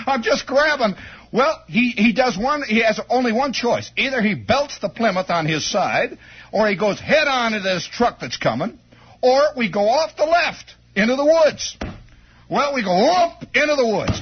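A man telling a comic first-person story on the radio, animated and full of sound effects and acted-out voices. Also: high voice, husky. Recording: dull lo-fi old radio broadcast with faint music.

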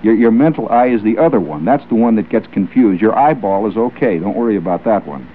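A man's voice: lowish voice, expressive, fairly quick, few pauses. A male radio host ad-libbing jokey patter around the ads, with wry, chuckling asides. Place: radio studio. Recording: lo-fi old radio broadcast with faint hiss.

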